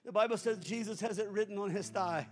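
A man in his sixties, a pastor preaching a sermon that swells into fervent shouting. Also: sits high, quick pace. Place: church sanctuary. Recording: reverberant church hall with music.

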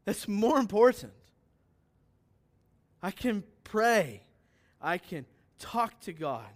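A man with a high voice preaches an emphatic sermon. He drives points home with rhetorical questions and drops to quiet asides between louder declarations. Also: very animated, takes it slowly. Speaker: pastor.

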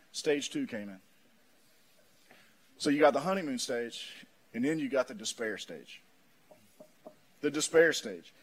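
Man, pastor, sermon, high voice, folksy, shouts then drops quiet. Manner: preaching with swings from shouting to low quiet; folksy, says "man" often.

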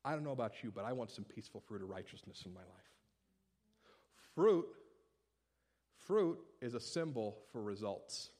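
A male pastor delivering a sermon in an animated, humorous, conversational way. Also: lowish voice, moderate pace, long pauses.

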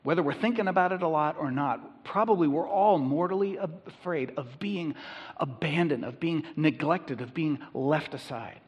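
A man's voice: a little high, moderate pace, slightly rough, long reverb tail, highs cut off. A man preaching a sermon as a pastor, conversational and emphatic.

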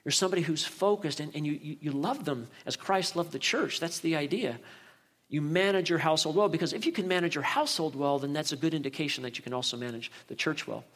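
A middle-aged male pastor preaching a sermon in an earnest way, often repeating words as he speaks. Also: a little high.

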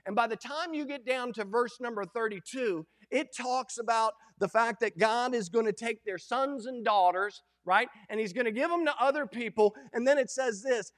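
A middle-aged man preaching a sermon as pastor, folksy and animated, acting out quoted lines. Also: very high voice, moderate pace, few pauses.

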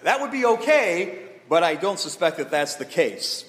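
A man's voice: sits high, very animated, moderate pace, fairly bright tone. A man pastor preaching an emphatic sermon to his congregation, asking them questions. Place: church sanctuary. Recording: echoey hall reverb.

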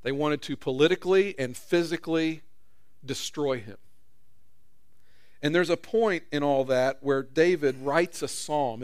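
A man's voice: a little high, dry recording, studio quality. A man preaching a sermon in a conversational way, acting out quotes with rising intensity. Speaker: pastor.

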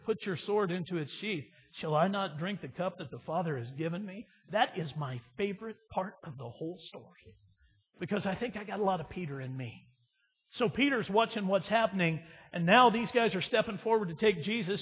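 A man preaching a sermon, retelling a scripture story dramatically, moving between loud emphasis and hushed reading. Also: fairly high pitch, breathy edge. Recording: dull reverberant hall sound.

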